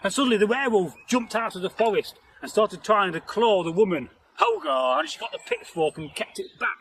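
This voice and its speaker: A man with a high, bright voice tells an old folktale outdoors, chatty and rambling and peppered with "you know" asides. There is a faint hiss under the voice. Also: big pitch swings, a little fast, vocal fry, poor audio. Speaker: storyteller host. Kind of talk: rambling casual folktale telling. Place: outdoors in nature.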